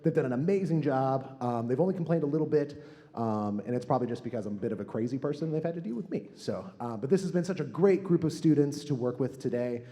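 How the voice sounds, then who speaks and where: A man conducting a high school honor band, chatting casually between pieces, a little out of breath and self-deprecating, with many fillers. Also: expressive, quick pace, mellow. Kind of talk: casual onstage concert introduction. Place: large concert hall on stage. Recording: long hall reverb.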